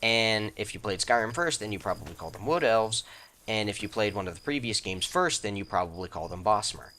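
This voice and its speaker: A man's voice: animated, fairly quick, sharp tone, slight background noise. A young man hosting a let's play, chatting casually over gameplay in a rambling, self-interrupting way. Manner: breaks into squeaky high mock voices.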